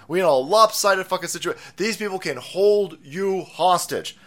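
A man's voice: high voice, very animated, normal speed, few pauses, fairly bright tone. A man hosting a commentary show, ranting in a foul-mouthed, mocking way. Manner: foul-mouthed, mocking, laughs at own jokes.

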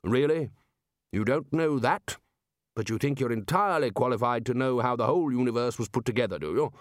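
A man voicing a smug, dismissive male wizard lecturer who speaks slowly. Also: medium pitch, no echo, studio quality, lightly acted.

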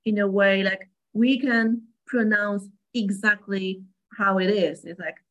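A woman's voice: mid-range voice, fairly even intonation, slow, fairly bright tone, poor audio. A woman with a Polish accent, a native Polish speaker, chatting as a guest and searching for her English words. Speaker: guest co-author. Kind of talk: casual chat.

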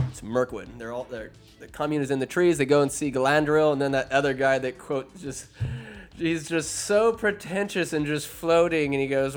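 A man casually retelling a fantasy film for laughs, rambling and profane, with sarcastic asides. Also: fairly high pitch. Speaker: comedic film recapper. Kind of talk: casual comedic story recap.

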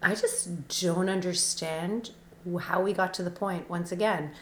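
A woman's voice: lowish voice, a little slow, roomy sound. A woman co-hosting a casual chat show, reacting to a dating story in an emphatic, sarcastic way. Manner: lively, emphatic, sarcastic mimicry. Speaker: podcast co-host.

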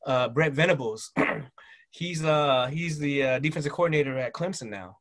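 A middle-aged man telling stories from his past in a relaxed, rambling way, full of fillers and restarts. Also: fairly high pitch, moderate pace. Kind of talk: casual interview storytelling.

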